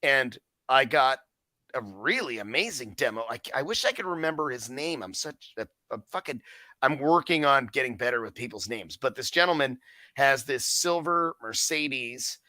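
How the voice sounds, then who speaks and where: A man tells stories in a loose podcast chat, cursing freely and playing out each line of dialogue himself. His voice is very bright and forceful, and the recording is dry, with almost no room sound. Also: mid-range voice, normal speed, dry recording. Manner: profane, animated storyteller who acts out his own quotes. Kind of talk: casual storytelling chat.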